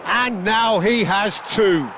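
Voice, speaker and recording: A man voicing a male football play-by-play commentator in a video game, calling the match with lively swings up to excited shouts. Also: high-pitched, takes it slowly, noisy background. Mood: measured.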